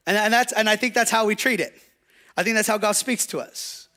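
Bright-voiced man preaching conversationally. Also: high-pitched, fairly quick. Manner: conversational, storytelling with audience call-outs. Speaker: pastor. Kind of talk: sermon.

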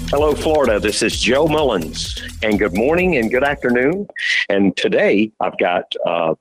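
A man's voice: mid-range voice, very animated, normal speed, over music, low-quality recording. A man hosting a radio talk show, asking long, rambling questions in a folksy, conversational way. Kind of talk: radio interview.

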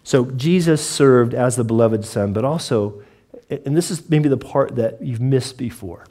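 A male pastor delivering a sermon to his congregation, lively and joking, often asking rhetorical questions. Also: mid-range voice. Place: church before a congregation.

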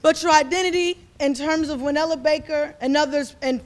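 A woman's voice: high voice, fairly even intonation, brisk. A woman in her forties, a community organizer, speaking to an audience in a fervent, rambling way and repeating herself as she builds. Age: 40s. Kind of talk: impassioned speech to an audience.

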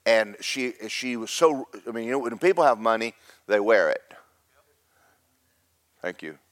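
A middle-aged man preaching a sermon, telling a story in loud bursts that drop to hushed asides. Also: medium pitch, expressive, unhurried, dry recording, clean studio sound. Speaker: pastor.

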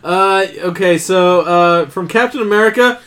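A man's voice: high-pitched, normal speed, fairly bright tone, slight background noise. A man on a podcast ranting with exasperation and heavy swearing. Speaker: podcast co-host. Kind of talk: casual podcast chat.

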